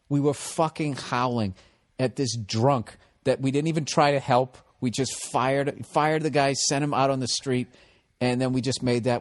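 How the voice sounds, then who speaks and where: A man hosting a podcast, telling work stories in a casual, profane, animated way. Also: mid-range voice. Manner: profane, animated, laughing storyteller. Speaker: podcast host. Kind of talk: casual comedic storytelling.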